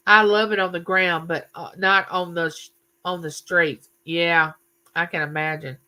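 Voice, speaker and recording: A woman's voice: fairly low pitch, steady tone, normal speed, sharp tone, low-quality recording. Chatty woman hosting a live stream. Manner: chatty storyteller, greets viewers by name. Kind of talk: casual chat.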